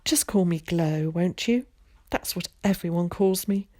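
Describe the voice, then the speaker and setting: A woman reading aloud and voicing a loud, gushing, chatty aunt in a storybook, with swooping, effusive delivery. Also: on the low side, unhurried.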